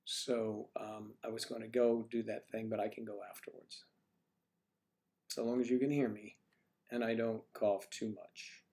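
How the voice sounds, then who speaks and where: His voice is low, gravelly and dark, delivered flatly and without hurry. As the host of a casual livestream, he coughs while answering viewers, rambling, chatting and joking with the chat. He keeps tweaking the position of his stand microphone.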